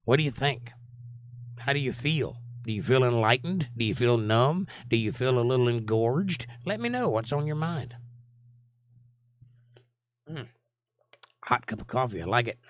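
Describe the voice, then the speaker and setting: A man's voice: mid-range voice, animated, moderate pace, pauses often. A man hosting a live online Bible study, casually reading viewer comments aloud, greeting people by name and answering them. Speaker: Bible study teacher and livestream host.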